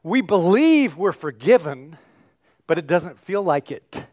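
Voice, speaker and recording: A man teaching a church class on a psalm, animated and halting, rising to loud bursts of emphasis. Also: high voice. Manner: halting, with restarts and fillers.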